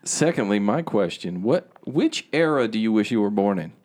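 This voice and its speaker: A man's voice: on the low side, very animated, normal speed, darkish tone. A man co-hosts a casual podcast chat. He jokes freely and sounds loose, with his words slightly slurred. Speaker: podcast co-host.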